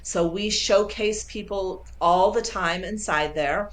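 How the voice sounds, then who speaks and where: A woman sales coach being interviewed over a video call, talking with lively enthusiasm and acting out quoted dialogue. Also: medium pitch, slow, slight background noise. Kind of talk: casual interview.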